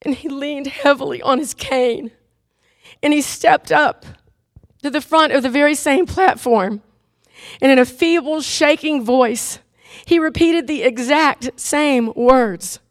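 Woman preacher giving a sermon, laughs a lot then gets earnest, kinda high voice. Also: takes it slowly, dry recording, studio quality. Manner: lively and laughing, with earnest quieter storytelling. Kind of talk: sermon with closing prayer.

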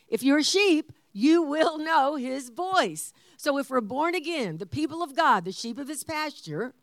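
A woman in her sixties preaching a sermon, telling stories with animated emphasis and laughter. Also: on the high side, dry recording, clean studio sound. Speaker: pastor.

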